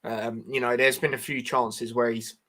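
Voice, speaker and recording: A man's voice: mid-range voice, level tone, moderate pace, sharp tone. A man co-hosting a casual football chat, arguing his points and pushing back. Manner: argumentative, pushes back with "come on, man". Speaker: co-host.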